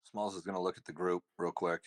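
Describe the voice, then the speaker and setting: A man playing a tabletop game, calmly describing what his character does. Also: low voice, fast talker. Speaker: player.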